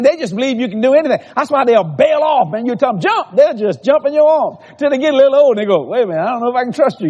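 A man's voice: very high-pitched, a little mellow, husky, dull audio. A male preacher giving a sermon, stacking repeated phrases and calling out questions to the congregation. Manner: repetitive building cadence, calls out to the congregation. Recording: long hall reverb.

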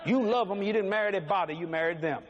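Older man, pastor, high voice, lively sermon, echoey church hall. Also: fast talker, highs cut off. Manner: folksy, animated preaching with acted quotes. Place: church sanctuary. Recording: echoey hall, faint noise.

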